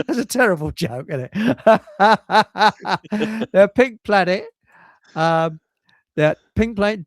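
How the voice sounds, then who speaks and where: A man's voice: high voice, dry recording. An older man hosting a livestream, rambling through jokes and reading chat messages aloud with frequent chuckles. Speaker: livestream host. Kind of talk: casual chat telling jokes.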